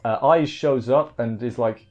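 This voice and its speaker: A man with a mid-range, darkish voice speaks a little slowly as he casually recaps an anime episode. The reviewer rambles, restarts words and fills gaps with "like" and "you know," over dull lo-fi audio with faint music.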